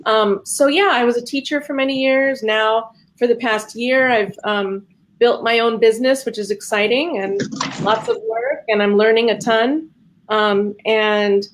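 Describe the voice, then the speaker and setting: A woman chef introduces herself on a video call. Her voice is a little high, and she talks in a friendly, chatty way with plenty of ums. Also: poor audio. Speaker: personal chef and cooking teacher. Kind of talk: audition interview on a video call.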